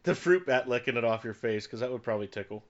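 A man's voice: mid-range voice, lively intonation, fast. A man in a casual chat who jokes crudely and swears freely. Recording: dull lo-fi sound.

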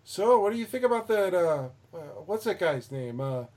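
A chatty male vet who loves talking sports, halting and groping for words, as a man acts him out. The voice is pitched well above the man's own, lively and rising. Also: distant mic. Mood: puzzled. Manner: halting, searching for a name. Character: puzzled chatty male veterinarian, sports fan.

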